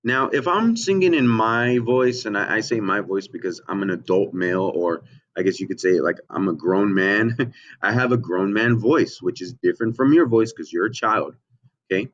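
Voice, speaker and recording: A man teaching a children's music lesson online, patient and slow, often checking in with "okay?" and switching into a high falsetto to sing. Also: lo-fi sound.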